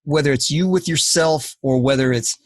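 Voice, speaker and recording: A man's voice: a little high, normal speed, no room sound. A man hosting a podcast, talking in an earnest, emphatic, lecturing way. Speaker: podcast host. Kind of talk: casual podcast talk.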